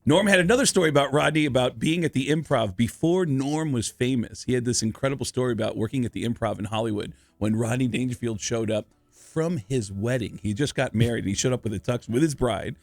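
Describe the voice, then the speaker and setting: A man's voice: medium pitch, quick pace, dry recording. A male stand-up comedian, a radio guest, telling stories and acting out the voices of the people in them. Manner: animated storyteller, acts out voices. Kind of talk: radio interview storytelling.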